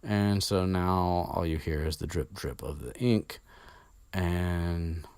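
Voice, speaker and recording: A man's voice: low voice, slow pace, a little mellow, clean tone, no echo. A man casually retelling a story as podcast host, rambling with swearing and many fillers, close to the mic.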